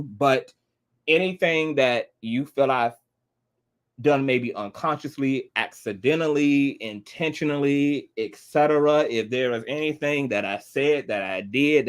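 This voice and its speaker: A man's voice: medium pitch, unhurried. A man in his thirties hosting a livestream, talking heartfelt and tearful, repeating himself and swearing often. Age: 30s. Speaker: livestream host. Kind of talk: emotional livestream chat.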